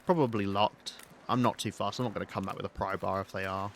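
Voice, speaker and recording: Casual male streamer, low voice, loose thinking-aloud commentary. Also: steady tone, quick pace, a bit bright, slight background noise. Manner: chatty, rambling, thinks aloud while playing. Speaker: game streamer. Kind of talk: live-streamed let's play commentary.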